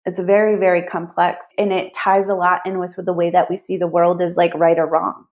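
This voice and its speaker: A woman's voice: on the low side, little pitch movement, brisk, darkish tone. A woman money mindset coach, a podcast guest, who explains her ideas earnestly and often says "like". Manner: earnest explaining, many "like" fillers.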